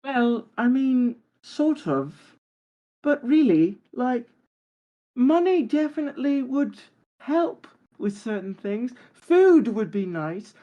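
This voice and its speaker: A performer voicing a scrappy male high elf pirate and former beggar, speaking in a posh British accent mixed with Cockney and musing with plenty of hedging. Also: sing-song, slow, dark tone, highs cut off. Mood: wistful. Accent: posh British blended with Cockney.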